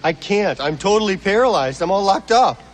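A man's voice: high-pitched, animated, normal speed, a little hiss or hum. An actor playing a needy, anxious man begging his counselor for help, in a whining, pleading voice from a film clip. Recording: film audio played in hall.

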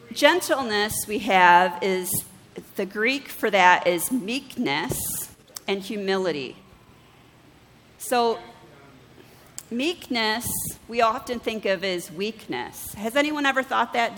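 A woman pastor preaching a sermon, telling stories with lively acted-out dialogue and asking the congregation questions. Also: mid-range voice, big-room sound, rough recording. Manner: animated storytelling, acts out her own dialogue with God. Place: church.

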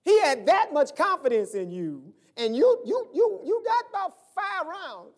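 A man preaching a sermon as pastor, telling stories and acting out the voices in them, swinging from shouts to low asides. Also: sing-song, measured pace.

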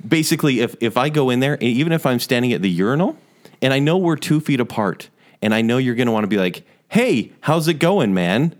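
Male podcast co-host, self-mocking storyteller, average pitch, very lively intonation. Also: quick pace. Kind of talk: casual storytelling chat.

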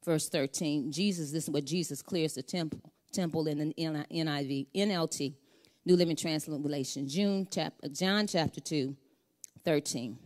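Middle-aged woman preacher, fired-up sermon, calls out to the church, lowish voice. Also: moderate pace, darkish tone. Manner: preaching with rising intensity, calls to the congregation.

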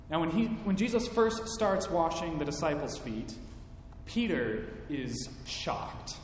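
A male pastor delivers a sermon slowly and deliberately, using dramatic pauses, his voice pitched a little high. The audio echoes through a large hall with long reverb and a faint rumble underneath.

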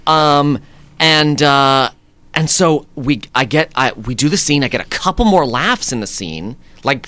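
A man, an actor guest, telling lively anecdotes in a conversation, acting out what people said. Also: on the high side, no room sound. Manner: lively anecdotes with acted-out quotes and laughs. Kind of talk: animated storytelling in conversation.

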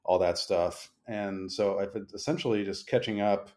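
A man with a low, dark, mellow voice co-hosts a podcast over a remote call from a hotel room. He talks in long, articulate, deliberate sentences in a relaxed chat. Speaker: podcast co-host. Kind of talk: casual chat. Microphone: remote call recording.

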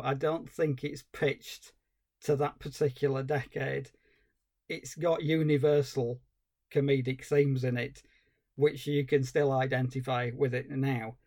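A man co-hosting a film podcast, chatting casually and retelling scenes with animated enthusiasm. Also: medium pitch. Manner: animated storytelling, acting out scenes. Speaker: podcast co-host.

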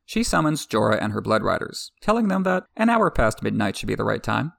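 A man's voice: fairly low pitch, sing-song, brisk, vocal fry, a bit bright, no echo. A man recapping a fantasy book in a wry, irreverent way, swearing casually. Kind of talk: sarcastic story recap.

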